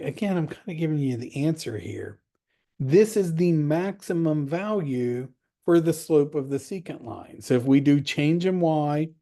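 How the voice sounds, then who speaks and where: A man's voice: on the high side, mellow. A man teaching calculus in a casual, direct way, walking through the steps of an assignment. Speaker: math teacher.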